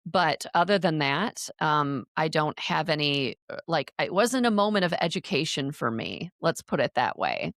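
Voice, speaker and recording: Her pitch swings widely and her tone is fairly bright, though her voice sits on the low side for a woman. Appearing as an interview guest, she shares her own story in an earnest, halting way, often restarting sentences, in a dry, close recording without room echo.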